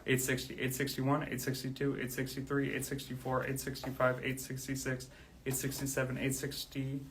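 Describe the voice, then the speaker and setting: A man speaks casually on a livestream, his voice level and monotone. He sounds out of breath after a long stretch of counting. A faint background noise sits under the recording. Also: medium pitch, normal speed. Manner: steady counting, then grateful rambling. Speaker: drummer streaming live.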